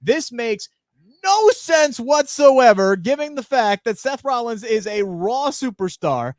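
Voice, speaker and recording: A man co-hosting a casual wrestling podcast, opinionated and animated, swearing freely into a close mic. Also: very high voice, unhurried, no echo. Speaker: podcast co-host.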